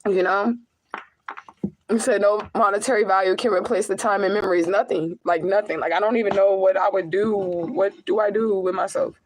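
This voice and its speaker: The low-quality recording carries a little hiss or hum as a young woman addresses her followers briskly in a mid-range, steady voice. Nearly in tears in this emotional vlog, she uses raw, profane language and circles back to the same phrases while begging her viewers.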